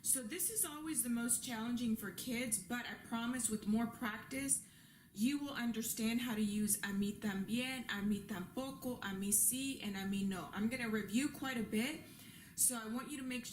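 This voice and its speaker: A woman's voice: on the high side, moderate pace, slight background noise. A woman teaching a lesson, patiently repeating rules and examples and checking in with her students. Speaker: Spanish teacher. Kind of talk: classroom lesson with slides.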